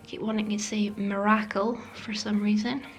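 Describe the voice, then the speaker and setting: A woman's voice: medium pitch, flat delivery, moderate pace, faint music behind. A woman narrating a makeup tutorial voice-over, chatty and self-deprecating, sometimes dropping to a whisper. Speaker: beauty vlogger. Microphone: voice-over mic.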